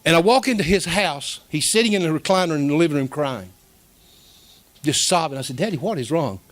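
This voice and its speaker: High-voiced pastor telling a story. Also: male voice, expressive, fairly quick. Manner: folksy, emotional, rising to a preaching shout. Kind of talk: storytelling sermon.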